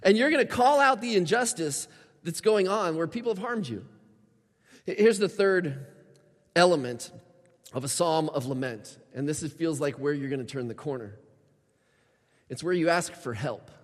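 A man's voice: on the high side, expressive, normal speed, long pauses. A man preaching a sermon as a pastor, emphatic and acting out prayers in a lifted voice. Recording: reverberant hall sound.

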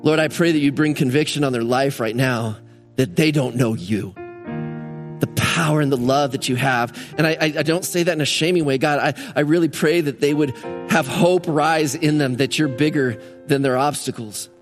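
A man's voice: fairly high pitch, moderate pace, in a large hall, faint music behind. A male pastor preaching a sermon in a church, emphatic and repeating phrases for stress. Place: church sanctuary.

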